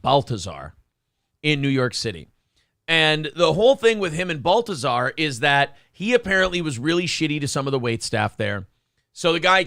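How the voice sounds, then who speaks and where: Man, casual show host, lively swings in pitch, crude jokes, edgy bright tone. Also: no echo, studio quality. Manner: crude, joking, eats on air. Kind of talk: casual live-stream chat.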